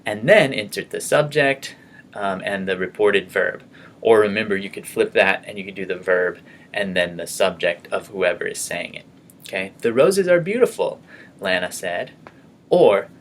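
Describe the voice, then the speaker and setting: A man's voice: lowish voice, fairly bright tone, slight background noise. Patient man teaching grammar. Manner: patient, explaining step by step, frequent okays and restarts. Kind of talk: grammar lesson.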